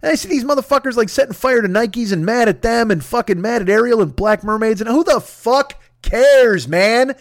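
Male podcast host; high, fast, profane rambler with a dry, close sound. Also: lively intonation, dry recording. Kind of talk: comedic podcast rant.

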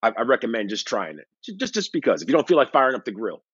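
A man's voice: mid-range voice, sing-song, very fast, a bit bright, slightly rough, no echo, dull audio. A man hosting a sports podcast, chatting casually with lots of fillers. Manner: conversational, rambling with fillers. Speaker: podcast host.

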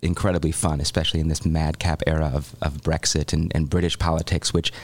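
A man with a low voice, chatting as a guest on a talk show. His delivery is loose and conversational, and he laughs easily. The sound is dry and close. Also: flat delivery, fast talker, dry recording. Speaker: guest, oral history scholar. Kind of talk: casual radio chat.

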